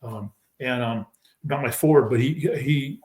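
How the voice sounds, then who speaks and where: A man telling his own story as a podcast guest, emphatic and animated, acting out what others said. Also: medium pitch, normal speed. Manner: animated, retells scenes by quoting people; emphatic, fervent. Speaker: podcast guest, former football player. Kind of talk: personal storytelling in a conversation.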